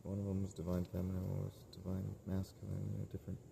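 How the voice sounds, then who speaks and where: A man with a low, gravelly voice muses slowly and candidly to camera. His tone is very dark and mellow, and he rambles in halting bursts full of restarts, with faint noise underneath. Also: monotone. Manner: candid, self-reflective. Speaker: vlogger. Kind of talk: casual reflective monologue.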